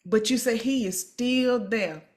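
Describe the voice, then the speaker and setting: A woman's voice: a little high, measured pace. A woman hosting an emotional interview, encouraging and repeating herself as she talks. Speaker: host. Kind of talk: emotional live-stream interview.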